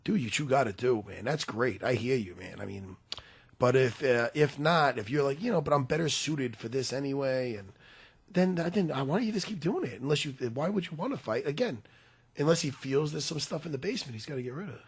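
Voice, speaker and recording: A man in his forties talks in a loose, animated podcast chat. His voice is gravelly and a little husky, and his pitch swings widely as he jumps from thought to thought in quick bursts. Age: 40s. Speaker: podcast co-host.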